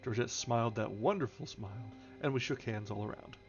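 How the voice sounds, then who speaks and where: A man's voice: mid-range voice, fairly quick. Man reading a novel aloud, lo-fi. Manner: stumbles and corrects himself on foreign names. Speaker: audiobook reader. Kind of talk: novel read aloud on a livestream. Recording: dull lo-fi with faint music.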